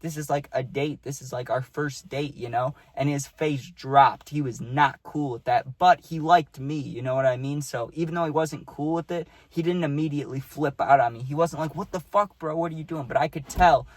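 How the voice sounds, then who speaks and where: A man's voice: medium pitch, moderate pace, few pauses, no echo. A young man casually telling a rambling personal story, peppering it with "dude" and "right?".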